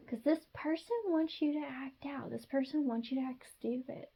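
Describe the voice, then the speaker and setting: A woman's voice: fairly high pitch, muffled recording. A woman giving a casual tarot reading straight to the viewer, chatty and sassy. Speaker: tarot reader.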